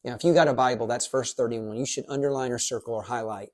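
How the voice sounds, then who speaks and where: Speaking at a medium pitch, a pastor keeps his devotional teaching casual and lively. The delivery feels conversational, peppered with quick asides.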